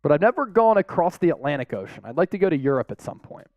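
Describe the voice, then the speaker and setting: A man's voice: a little high, very animated, quick pace, no room sound, dull audio. A man hosting a live sports stream, chatting casually in a laid-back, rambling way with frequent chuckles. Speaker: sports show host.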